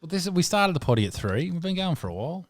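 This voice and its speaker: An Australian man co-hosting a podcast, chatting casually and reacting quickly with swearing. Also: on the high side, big pitch swings. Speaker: podcast co-host. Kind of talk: casual chat.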